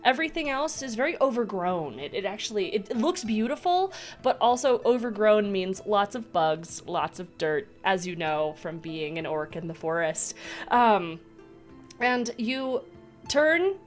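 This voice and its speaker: A woman narrating a tabletop adventure as its dungeon master. She paints the scene in a loose, casual, rambling way, with a gentle layer of music underneath. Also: medium pitch.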